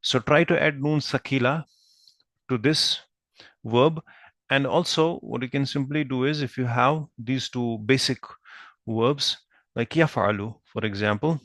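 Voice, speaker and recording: A man teaching Arabic grammar in a patient, repetitive way, often checking with "right?" and spelling out verb forms slowly. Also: mid-range voice, a bit bright, no room sound, studio quality. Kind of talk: online grammar lesson.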